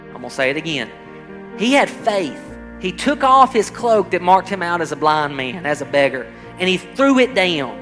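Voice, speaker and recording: A man's voice: high-pitched, big pitch swings, a little slow, fairly bright tone. A man preaching a sermon, emphatic, calling out to his congregation and acting out quoted voices. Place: church hall. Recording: echoing hall with faint music.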